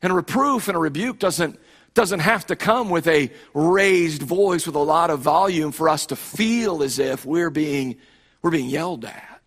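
A man's voice: on the high side, expressive, a little slow, a bit bright. A male pastor preaching a sermon with emphatic delivery, often repeating and restarting phrases.

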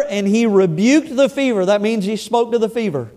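A man's voice: sits high, normal speed, warm tone. A middle-aged male pastor preaching a sermon, reading scripture aloud and commenting on it with humorous asides and conversational stories. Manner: storytelling, conversational, with restarts. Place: church sanctuary.

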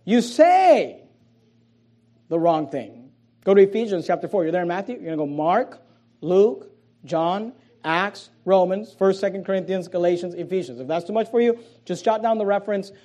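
A pastor delivering a sermon in a notably high voice for a man. He stumbles and repeats words, then drops low and quiet before rising into loud, emphatic lines. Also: brisk. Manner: emphatic preaching with frequent repeated words and restarts; swings between soft low asides and loud raised emphasis.

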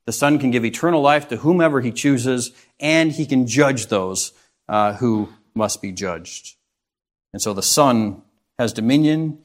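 A man's voice: mid-range voice, measured pace. A man preaching a sermon, reading scripture aloud and asking rhetorical questions in an earnest, expository way.

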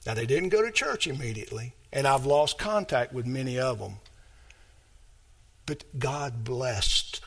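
A man preaching a sermon as pastor, emphatic and repetitive, building his phrases up to shouts. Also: mid-range voice, lively intonation, a little slow.

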